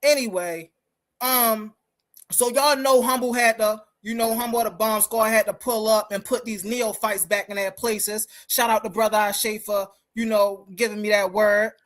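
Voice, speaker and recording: A woman hosting a live-stream rant, her voice sitting a little higher than most. She talks emphatically and combatively, throwing her points straight at the listeners. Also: fairly even intonation, moderate pace. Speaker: host.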